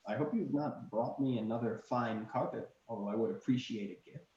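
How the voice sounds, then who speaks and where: A man's voice: medium pitch, fairly quick, warm tone, slight background noise, lightly acted. A man voicing a haughty young prince who mocks and speaks in a lofty way, recorded in an echoey room with dull, lo-fi sound. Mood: smug.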